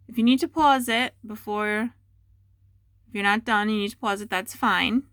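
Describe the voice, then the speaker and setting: A woman teacher dictating a spelling test to students at home, repeating each word slowly and giving patient instructions. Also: mid-range voice, steady tone, a bit bright, dry recording, clean studio sound. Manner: slow, deliberate dictation with repeated words.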